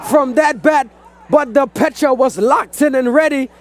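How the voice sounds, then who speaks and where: A man from the Turks and Caicos Islands giving hyped live play-by-play commentary, often shouting and repeating "ladies and gentlemen" to the stream audience. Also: very high voice, lively intonation, slow. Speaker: sports commentator. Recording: live stream with faint crowd and music behind.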